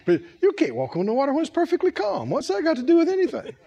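Animated older male preacher, reverberant hall. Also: very high voice, racing, creaky, lo-fi sound. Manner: animated, playful, laughs often. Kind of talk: sermon.

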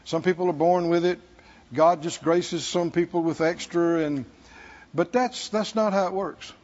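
A man preaching a sermon to a congregation, speaking slowly and pausing for asides to his listeners. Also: high voice, darkish tone. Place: church hall. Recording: dull sound in a hall with long reverb.

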